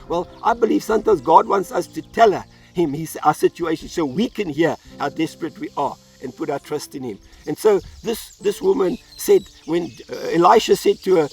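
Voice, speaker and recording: A man's voice: high voice, animated, normal speed, slightly rough, far from the mic, faint music behind. A man pastor delivering an earnest sermon, telling a Bible story and acting out its voices. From South Africa.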